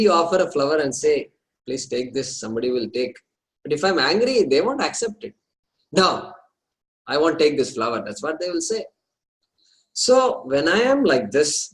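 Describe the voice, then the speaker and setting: A man teaching a scripture study class, explaining terms slowly and repeating them, with some hesitant pauses as he talks to his students. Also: on the high side, poor audio.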